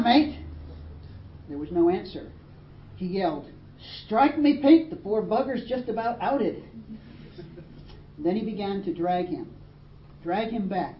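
A woman's voice: on the low side, reverberant, muffled recording, slight background noise. A woman preaching a sermon, earnest and emphatic, reading scripture aloud. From Australia. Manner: earnest, emphatic preaching with dramatic read quotes.

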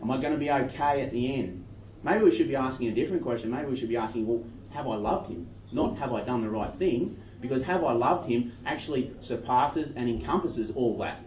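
Man preaching, earnest sermon, slow scripture reading, distant roomy recording, dull sound with faint hiss. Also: medium pitch. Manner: earnest, reads scripture slowly with rising emphasis. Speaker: pastor.

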